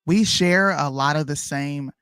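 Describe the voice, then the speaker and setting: A man's voice: fairly high pitch, a little slow, a bit bright, clean tone. A man chatting casually and in a friendly way on a live stream.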